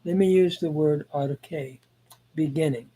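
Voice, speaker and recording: A man teaching Greek grammar in a recorded lesson, reciting word forms one at a time and pausing often with "uh.". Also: a little high, warm tone, a little hiss or hum, rough recording.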